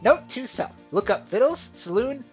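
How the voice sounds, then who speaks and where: Playful woman streamer, high and bouncy voice. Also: big pitch swings, normal speed, a little mellow, faint music behind. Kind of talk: casual chat.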